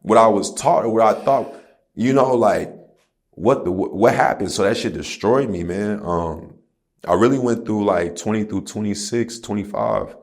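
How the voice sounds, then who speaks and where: A man in his thirties with a very low, deep voice tells a personal story as a podcast guest. He talks loosely and candidly, dropping slang and the odd curse word. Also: moderate pace. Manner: candid, profane storytelling with slang like "bro" and "you feel me". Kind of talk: casual conversation.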